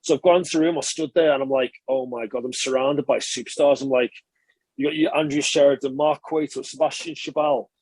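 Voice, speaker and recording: A man, a former rugby player, recalls his career in a relaxed interview, rambling and correcting himself as he goes. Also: medium pitch, brisk, slightly rough, dry recording. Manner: chatty, rambling recollection, frequent filler and self-correction. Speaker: former professional rugby player, podcast guest.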